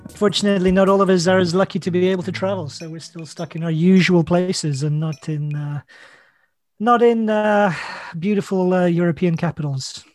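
A man co-hosting a podcast, joining in with quick, teasing banter during a casual chat. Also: sits high, fairly even intonation, darkish tone, soft background music. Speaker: podcast co-host.

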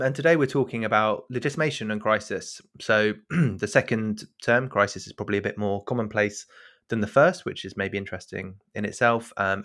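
A man's voice: on the low side, fairly bright tone. A man co-hosting a discussion podcast, talking in a wry, hesitant way with many fillers. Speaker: podcast co-host. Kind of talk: casual discussion.

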